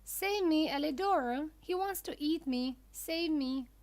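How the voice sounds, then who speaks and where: A woman doing a high, eager wooden puppet boy. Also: animated, measured pace. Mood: desperate.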